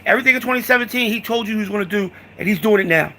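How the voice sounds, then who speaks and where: A man's voice: sits high, racing, sharp tone, a little hiss or hum. A man from the United States giving a heated, profane political rant, repeating himself and calling the listener "dog".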